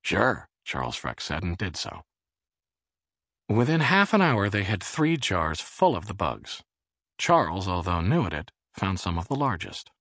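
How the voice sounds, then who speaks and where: Audiobook narrator, man, very low gravelly voice, dry close sound. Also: dry recording. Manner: measured, expressive reading.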